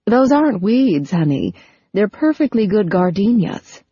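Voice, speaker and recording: A woman's voice: mid-range voice, sing-song, measured pace, slightly rough, no echo, highs cut off. Woman reading a fussy nagging mother. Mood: fussing. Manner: fussy, gently scolding. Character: fussy middle-aged mother, well-meaning but nagging.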